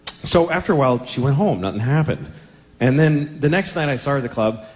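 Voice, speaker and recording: A man's voice: medium pitch, animated, brisk, a little mellow, long reverb tail. Crude, self-mocking stand-up comic man. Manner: crude, self-deprecating, rambling confessional. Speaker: stand-up comedian. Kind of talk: stand-up routine.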